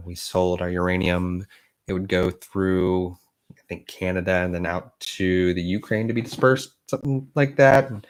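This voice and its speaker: A man playing a low-voiced, combative old operative. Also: close to an everyday voice. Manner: low, flat, assured delivery. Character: older male political operative, confident and combative.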